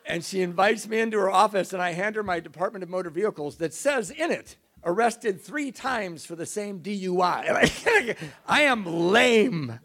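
A middle-aged man telling a self-mocking recovery story to an audience, in an animated way. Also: high-pitched, fairly quick, hardly any pauses. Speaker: speaker sharing recovery story.

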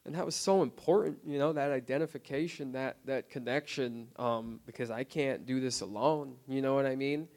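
This man, speaking in a medium pitch, tells his recovery story at a group meeting, unscripted and casual, frequently quiet and subdued. He stumbles along, starting phrases over and peppering his talk with "like" and "you know what I mean."

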